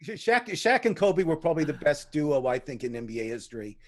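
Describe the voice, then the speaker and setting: A man with a notably high voice hosts a relaxed interview show. He asks his questions casually, often stammering and restarting mid-sentence. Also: brisk. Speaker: host. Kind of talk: casual chat.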